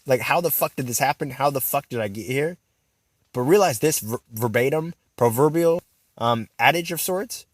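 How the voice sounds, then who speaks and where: A young man with a slightly high voice vlogs a rambling, profane story loaded with slang, fillers and constant "bro." There's no room sound on the recording.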